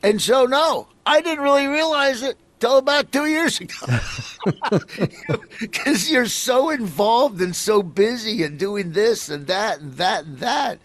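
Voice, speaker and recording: A man's voice: very high-pitched, lively intonation, takes it slowly, fairly bright tone. A middle-aged man from Nebraska, a comedian telling rambling stories in a casual interview, acting out other people as he goes.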